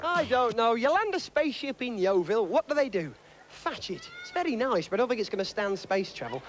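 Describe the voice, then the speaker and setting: A man's voice: very high voice, very animated, fairly quick, music in the background. A man with a British accent presenting a live children's TV show outdoors in a shopping centre, playful and jokey. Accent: British English. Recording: outdoor broadcast with crowd.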